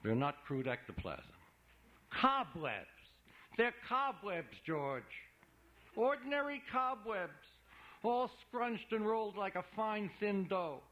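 A man voicing an excitable male museum guide who talks in theatrical, gushing patter. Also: sits high, slow, muffled recording, pitched above the performer's own voice, exaggerated voice. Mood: eager. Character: showy, excitable male museum guide, eager know-it-all.

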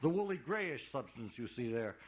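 A man voicing an excitable male museum guide who talks in theatrical, gushing patter. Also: medium pitch, moderate pace, breathy edge, dull audio. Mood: showman. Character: showy, excitable male museum guide, eager know-it-all.

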